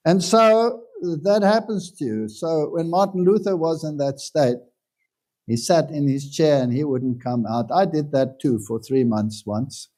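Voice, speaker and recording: A pastor giving a sermon in a casual, conversational way, telling stories with self-deprecating humor. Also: male voice, on the high side, expressive, a little slow, warm tone. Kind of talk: anecdotal sermon talk.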